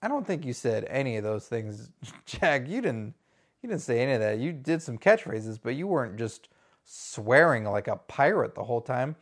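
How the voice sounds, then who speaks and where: A man's voice: mid-range voice, very animated, moderate pace. A man playing the interviewer in a comedy sketch, answering in a dry, exasperated straight-man manner.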